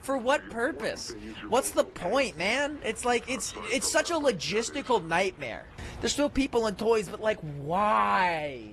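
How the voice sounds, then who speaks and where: A man's voice: sits high, very animated, unhurried, fairly bright tone. A man giving angry, incredulous let's-play commentary, swearing often. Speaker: gaming commentator.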